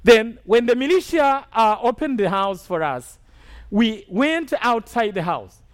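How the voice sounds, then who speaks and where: Male preacher from Rwanda, very high voice, emphatic testimony delivery with call-and-response asides. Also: big pitch swings, unhurried. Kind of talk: sermon testimony.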